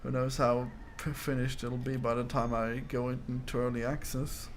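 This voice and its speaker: Male streamer, mid pitch, casual and profane, laughs a lot, faint noise in the mix. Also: little pitch movement, normal speed. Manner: laid-back, swears, laughs often. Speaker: game developer streamer. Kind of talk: casual stream chat while gaming.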